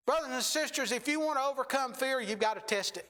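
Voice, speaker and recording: A man's voice: extremely high pitch, fast talker, hardly any pauses, pushed and bright. A middle-aged man preaching a sermon, telling folksy stories and stretching out phrases for emphasis.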